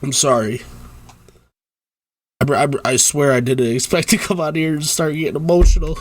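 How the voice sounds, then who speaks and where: A man's voice: on the high side, quick pace. A man in his twenties hosting a casual solo podcast, talking earnestly in a rambling way with some swearing. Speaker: podcast host.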